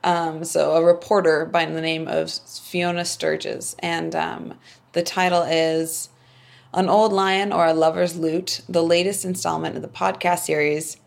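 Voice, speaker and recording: A woman's voice: deep voice, level tone, measured pace, gravelly. A young woman hosting a podcast, teasing her guest and reading an article aloud with playful drama. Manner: teasing, giggly, reads with mock drama. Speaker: podcast host. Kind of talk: casual chat and reading aloud.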